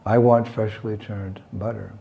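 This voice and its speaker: A man's voice: lowish voice, level tone, a little slow, gravelly, mellow, a little hiss or hum. A man voicing a demanding, stubborn little boy god in a told story, insisting on what he wants. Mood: insistent. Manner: emphatic, insistent. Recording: dull lo-fi recording.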